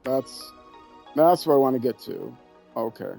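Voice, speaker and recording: Faint music plays behind this Minnesota-accented streamer as he chats casually through a driving game, talking himself through each step and cracking jokes. His medium-pitched voice is expressive, a little slow, mellow, and touched with vocal fry.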